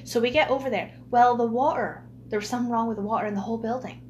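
A woman's voice: a little high, very fast, slight background noise. Chatty woman telling a story. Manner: animated, laughing storytelling with many fillers. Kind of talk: casual chat.

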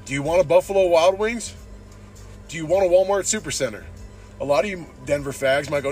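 A man's voice: on the high side, a little fast, darkish tone, faint music behind. A man from San Diego hosting a podcast from his car, ranting casually and profanely, saying "dude" constantly. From San Diego, Southern California. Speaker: podcast host. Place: in a car while driving.

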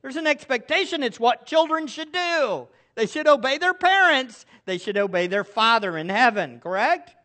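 A man's voice: extremely high pitch, sing-song, normal speed, hardly any pauses, sharp tone. A middle-aged male pastor preaching a sermon, asking the congregation rhetorical questions.

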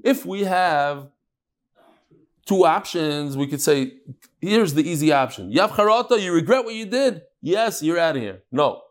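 A man's voice: on the high side, animated, measured pace. Emphatic man teaching a text-study class. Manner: emphatic, rhetorical, repeats phrases. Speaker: religious studies teacher.

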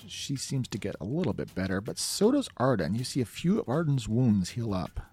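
A man's voice: mid-range voice, sing-song, a little fast, gravelly, a little mellow, slightly rough. A man narrating a tabletop game as game master, reacting openly to the dice rolls.

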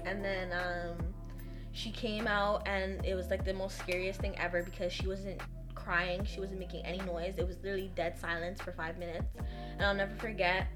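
A young woman in her twenties, telling her birth story in casual chat and acting out the others' lines. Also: mid-range voice.

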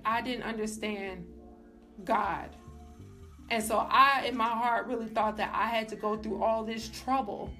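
A woman's voice: fairly high pitch, a bit bright. A young woman giving a casual personal faith testimony, emphatic and filled with "like", as a show host. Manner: casual, emphatic, says "like" often. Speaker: faith vlogger.

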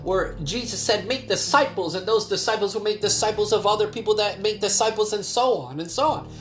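Male pastor preaching, earnest, goes from loud and urgent to really soft, faint music behind him. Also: high-pitched, a little fast, reverberant. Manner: earnest, swings between loud urgent calls and soft quiet passages. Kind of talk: sermon.

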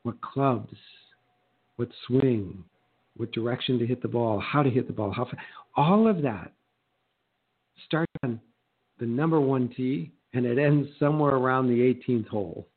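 Animated middle-aged man on a tinny line. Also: mid-range voice, measured pace, pauses often. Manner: animated, acts out quoted exchanges in changing voices. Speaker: real estate coach. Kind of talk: motivational talk. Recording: narrow phone-like sound.

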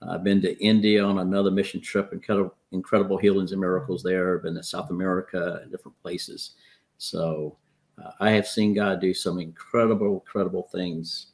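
Deep-voiced man introducing his ministry. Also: flat delivery, fairly quick, darkish tone. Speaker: ministry co-founder. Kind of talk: guest introduction.

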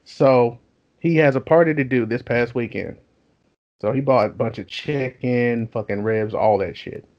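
A young man in his twenties tells a story in a casual, profane, animated way. His voice sits mid-range and the recording sounds dull and lo-fi. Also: mid-range voice, unhurried.

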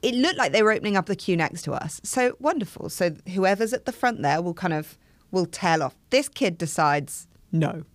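Chatty woman in her thirties, low voice. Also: expressive, moderate pace, dry recording. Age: 30s. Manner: chatty storyteller, laughs often, acts out quoted voices. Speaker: podcast co-host. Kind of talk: casual chat.

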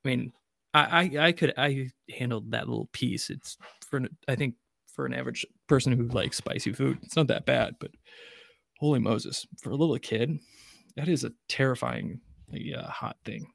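Gravelly-voiced man telling a wry story. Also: medium pitch, moderate pace, fairly bright tone, dry recording, clean studio sound. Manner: wry, self-mocking storyteller. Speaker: podcast co-host. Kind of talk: casual podcast chat.

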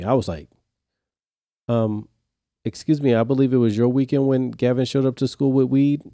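A man's voice: on the low side, moderate pace, warm tone, no echo, studio quality. A man hosting a podcast, retelling a story casually and animatedly, with growing exasperation. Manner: speaks straight to listeners in slang. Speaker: podcast host.

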